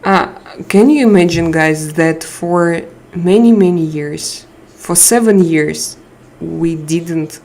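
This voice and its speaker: Woman live stream host, tired, unhurried speech, emotional thanks to chat. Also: on the low side. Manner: warm, emotional, reads out chat names and thanks viewers. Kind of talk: casual live chat with viewers.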